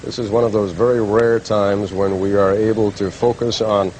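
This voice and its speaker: Measured, low-voiced male news reporter. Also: level tone, a little mellow, a little hiss or hum, rough recording.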